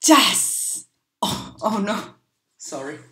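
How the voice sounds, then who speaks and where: A woman teaching a playful vocabulary game to children, speaking in a slow, exaggerated teacher voice. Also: on the low side, animated. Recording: echoey room.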